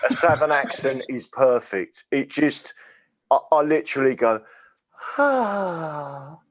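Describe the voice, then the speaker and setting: A man chimes into a casual round-table livestream with playful, teasing remarks. His mid-pitched voice is dry, with no room sound. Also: normal speed, no room sound.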